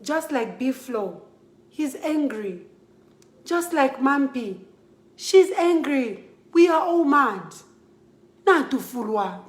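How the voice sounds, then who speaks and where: A young woman with a Zambian accent delivers an impassioned appeal straight to the camera, emphatic and repetitive as she pleads and scolds. Her voice sits high, and the room around her echoes. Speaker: model speaking out.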